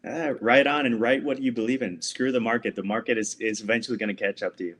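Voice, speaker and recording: A man with a Puerto Rican accent, a guest author chatting in a relaxed way, with hesitant starts and easy laughs. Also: mid-range voice, quick pace. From Puerto Rico. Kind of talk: casual interview chat.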